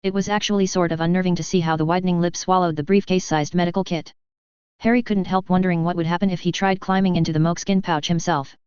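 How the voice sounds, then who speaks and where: Female narrator, steady story reading, lowish voice, dull dry sound. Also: clean tone, no echo. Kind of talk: audiobook reading of fan fiction.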